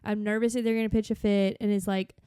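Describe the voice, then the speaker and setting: A young woman, co-hosting a podcast in casual chat and telling stories in a lively way. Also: medium pitch, fast talker, clear, resonant tone, no room sound, studio quality. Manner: chatty, animated storytelling with run-on asides. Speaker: podcast co-host.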